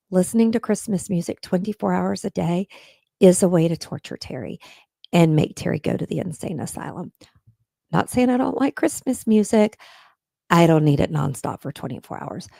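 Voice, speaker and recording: A woman's voice: fairly low pitch, gravelly, warm tone, no room sound. A woman hosting a casual true-crime live stream, chatting straight to viewers and making earnest pleas. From Texas. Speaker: podcast host.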